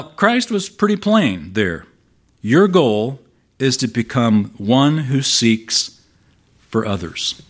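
Man preaching a conversational sermon. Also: mid-range voice. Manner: conversational, explanatory, reads scripture aloud with emphasis. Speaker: pastor.

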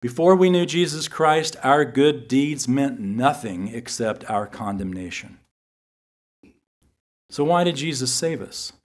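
A man teaching from scripture in an earnest sermon style, reading verses slowly and repeating key phrases for emphasis. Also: medium pitch, expressive. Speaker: Bible teacher.

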